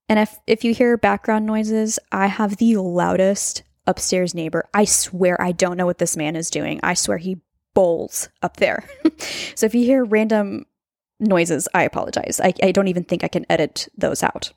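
A woman hosts her own faith podcast from her apartment, speaking casually and earnestly. Her voice carries a gravelly edge of fry at a middle pitch. The sound is close and dry, with little room around it. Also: moderate pace, darkish tone, no echo. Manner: earnest and confessional, laughs at herself. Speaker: podcast host and nurse. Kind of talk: casual faith-based monologue. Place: apartment at home.

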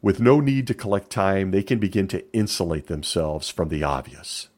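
A man's voice: deep voice, normal speed, darkish tone. A middle-aged man giving opinion commentary in a sarcastic, emphatic way.

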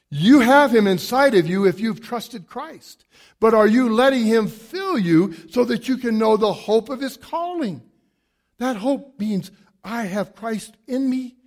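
A pastor with a notably high voice preaches to his congregation. He is emphatic and animated, firing off rhetorical questions and moving around the room as he talks. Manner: moves around a lot while preaching. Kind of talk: sermon.

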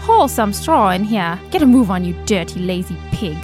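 A woman voicing a harsh, stingy landlady who yells with contempt. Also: mid-range voice, animated, normal speed, faint music behind, natural voice. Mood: yelling. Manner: yelling, contemptuous. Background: cinematic score.

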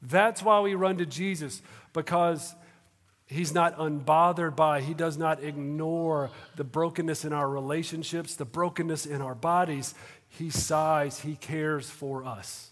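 A man preaching a sermon in a conversational way, moving between hushed moments and animated bursts. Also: on the high side, unhurried. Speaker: pastor. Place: auditorium. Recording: reverberant auditorium.

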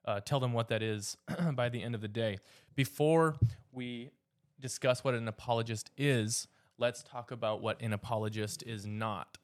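A man with a Canadian accent leading a church discussion as its teacher, talking informally with frequent fillers and restarts. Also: on the low side. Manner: halting, with frequent fillers and repeated words.

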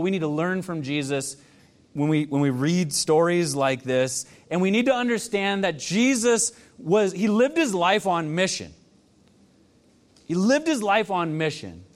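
A male pastor delivers a sermon with a high-pitched voice. His speech is very animated, swinging widely up and down. He falls quiet to land the important points. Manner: animated preaching, dropping to quiet emphasis.

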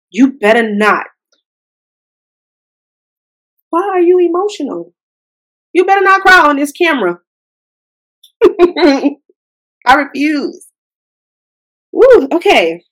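A woman's voice: a little high, fairly bright tone. A young woman hosting a podcast, talking in a chatty, emotional way with playful slang. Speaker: podcast host. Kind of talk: casual commentary.

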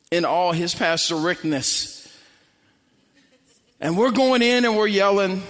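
A man's voice: sits high, a bit bright, in a large hall. A man preaching a sermon, telling a story with acted-out quotes and building to emphatic, repeated lines.

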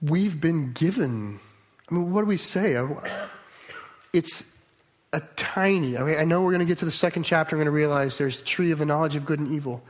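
A man with a fairly high voice preaching a sermon. He talks earnestly and with emphasis, often stopping to restart a thought or to put a rhetorical question to the listeners. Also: fairly quick.

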